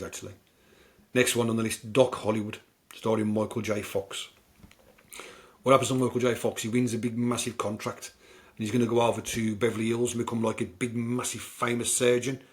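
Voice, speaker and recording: A man's voice: medium pitch, darkish tone. A man with a British accent, hosting a podcast and rambling through film recaps in a loose, chatty way. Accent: British English. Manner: rambling, chatty storytelling with many fillers. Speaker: podcast host. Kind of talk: casual film chat.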